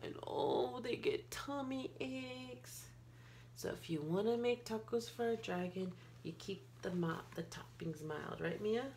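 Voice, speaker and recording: A woman reading a picture book aloud to a child, playful, with gasps and excited outbursts. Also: mid-range voice, measured pace, slight background noise. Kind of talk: animated read-aloud storytelling.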